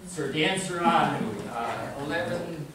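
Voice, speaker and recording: A man's voice: a little high, unhurried, background noise. A man performing his own poem live in a library community room, rhythmic wordplay broken by hesitant asides, picked up from a distance. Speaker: poet. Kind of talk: live poetry recitation. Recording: echoey room heard from far off.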